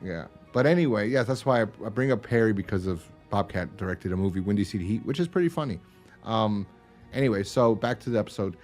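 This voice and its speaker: A man's voice: fairly low pitch, expressive, quick pace, darkish tone, soft background music. A man co-hosting a podcast in casual chat, rambling, laughing and swearing as he retells stories. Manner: rambling, swears and laughs often, acts out quotes. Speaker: podcast co-host.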